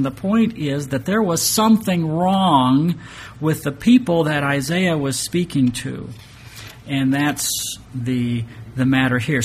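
This pastor has a fairly high, husky voice as he teaches an expository Bible lesson conversationally in a church sanctuary with a projected map. He frequently starts phrases over and throws rhetorical questions out to the congregation.

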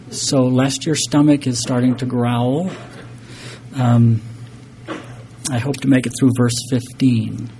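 Earnest preaching man, mellow voice. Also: mid-range voice, vocal fry, slight background noise. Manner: earnest, emphatic preaching with restarts. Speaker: pastor. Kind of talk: sermon.

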